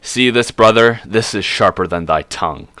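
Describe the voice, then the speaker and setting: A proud, hot-headed elf prince who swears and refuses to back down, tossed off by a man retelling the tale. The voice sits low but has a bright, forceful edge. It sounds dry and close. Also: moderate pace, no echo. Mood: defiant. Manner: defiant, swearing, blunt.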